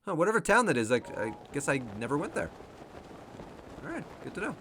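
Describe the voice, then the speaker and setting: A man's voice: on the high side, sing-song, fairly quick, fairly bright tone, a little hiss or hum. A man giving casual let's play commentary who thinks aloud, laughs often and swears freely. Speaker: game streamer.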